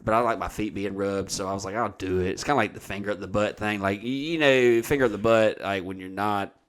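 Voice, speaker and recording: A man with an Alabama Southern accent tells a rambling, profane comedic story as a podcast host. His voice sits a little low, and he acts out each line of dialogue in casual chat. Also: fast. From Oxford, Alabama. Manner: profane, rambling, animated retelling of conversations.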